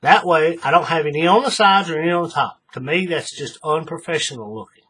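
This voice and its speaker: A man's voice: fairly high pitch, brisk, pushed and bright, breathy edge. A man hosting a hands-on craft tutorial, chatting in a folksy way to his viewers while he works. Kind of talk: casual hands-on craft demonstration.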